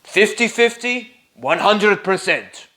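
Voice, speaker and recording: A well-off merchant pleads in a formal, coaxing way and stammers now and then, in a lively storybook telling, done by a man. His voice rises and falls a lot. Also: high voice, measured pace, exaggerated voice. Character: fond, well-off male merchant, master of the house.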